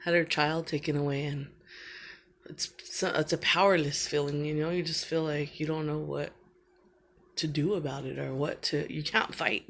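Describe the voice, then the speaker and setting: A woman's voice: low voice, flat delivery, moderate pace, fairly bright tone. A middle-aged woman recording a personal video message to her absent son, talking in a rambling, heartfelt way with lots of fillers.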